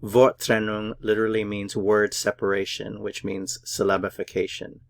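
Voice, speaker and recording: A man's voice: fairly low pitch, monotone, normal speed, vocal fry. A man teaching a beginner language lesson, patiently repeating each word several times and sounding it out syllable by syllable. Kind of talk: slow, syllable-by-syllable pronunciation lesson.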